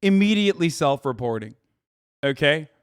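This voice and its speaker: Crisp, dry-sounding profane male streamer. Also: fairly high pitch, normal speed, no echo. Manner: profane, animated, digressive. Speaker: streamer host. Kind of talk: casual reaction chat.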